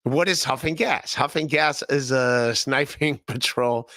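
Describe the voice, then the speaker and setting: A gravelly man from Ohio in his thirties, talking to his chat on a livestream podcast. His voice has a bright, forceful edge, and his rambling, profane talk keeps breaking into laughter. The sound is dry and close to the mic. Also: medium pitch, measured pace, hardly any pauses, no echo. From Northeast Ohio. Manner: rambling, profane, laughing often, repeating himself. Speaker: podcast host. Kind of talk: casual livestream chat reading chat comments.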